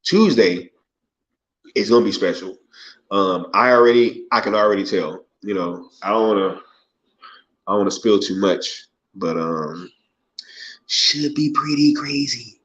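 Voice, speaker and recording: A man's voice: on the low side, animated, measured pace, pauses often, a bit bright. A man hosting a casual live stream, reading viewer comments aloud and reacting in a laid-back, slangy way, tagging lines with "yo" and "right?". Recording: muffled lo-fi stream audio.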